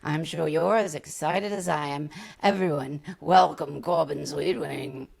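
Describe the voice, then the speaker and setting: A man voicing a pompous male conspiracy podcast host with a slow, grave announcer delivery. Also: a little high, creaky, crowd noise. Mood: solemn.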